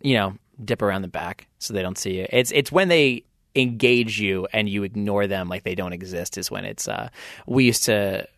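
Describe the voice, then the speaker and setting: A man's voice: fairly low pitch, normal speed, gravelly, fairly bright tone, no room sound, studio quality. A man, a band's lead singer, telling rambling anecdotes as a podcast guest and acting out the people he quotes. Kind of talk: casual interview storytelling.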